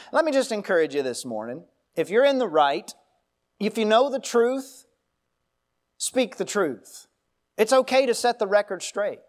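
Pastor, male, higher voice, church sermon with homespun asides. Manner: preaching with folksy asides and storytelling.

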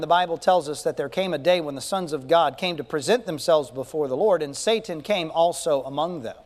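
Male preacher, high-pitched for a man, emphatic and repetitive, recorded with heavy hall reverb. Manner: emphatic, repeats key phrases, asks rhetorical questions. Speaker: pastor. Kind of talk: sermon. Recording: long echoing reverb.

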